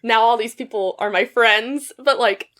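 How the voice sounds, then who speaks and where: Young woman, giggly, animated storyteller, slightly high voice, casual podcast chat. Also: moderate pace. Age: young adult. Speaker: guest.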